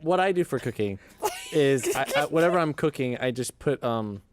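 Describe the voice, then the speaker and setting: Halting easygoing man, lively voice. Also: mid-range voice, noisy background. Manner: halting, full of restarts, easygoing. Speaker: podcast regular. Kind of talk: casual chat.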